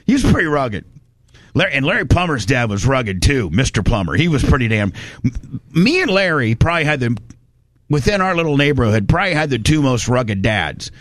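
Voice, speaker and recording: A man's voice: mid-range voice, expressive, a little fast, fairly bright tone, dry recording, studio quality. Folksy rambling storyteller man. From Indiana. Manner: rambling, folksy, restarts often. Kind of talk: casual storytelling.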